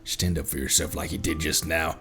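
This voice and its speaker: Man putting on a gruff, sneering treasure hoarder boss, low and contemptuous, game music faint underneath. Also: flat delivery, fairly quick, fairly bright tone. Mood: scornful.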